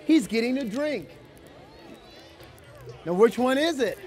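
An animated man with an extremely high pitch reads a picture book at normal speed to a young crowd at an outdoor event, pausing often. His playful delivery includes calling out questions to the kids throughout the lively reading.

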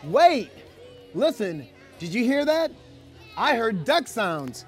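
A man's voice: extremely high pitch, sing-song, takes it slowly, pauses often, soft background music. A man reading a picture book aloud to children at an outdoor event, playful and calling out questions to them. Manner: playful, calls out questions to the kids. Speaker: storybook reader for children. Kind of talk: lively read-aloud to a young crowd.

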